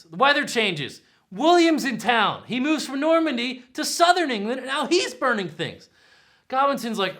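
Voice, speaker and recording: A man hosts a history show with excitable energy, often checking in with his viewer. His voice sits high and swoops widely. The tone is bright and forward. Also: brisk. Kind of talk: animated storytelling to camera.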